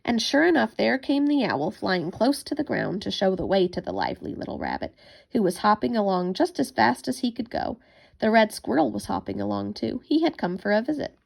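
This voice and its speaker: A woman reads a children's bedtime story in a gentle, expressive manner. Her voice has a strong gravelly grain, and her pitch rises and falls in a lively way, at a middle height for a woman. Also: a little fast.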